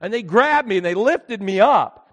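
An older man, a pastor, preaching a sermon as a story, moving from hushed reflection to near-shouting. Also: high voice, expressive, moderate pace, muffled recording.

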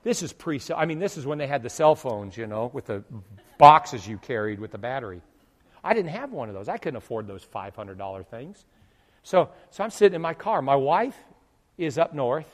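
A middle-aged male pastor telling a humorous story in a sermon, jumping from loud exclamations to quiet asides. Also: medium pitch, big pitch swings, normal speed, long reverb tail.

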